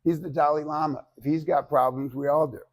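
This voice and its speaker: Man, public speaking teacher, fairly high voice, lively, acts out quotes, casual swearing. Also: fairly quick. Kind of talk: informal class lecture.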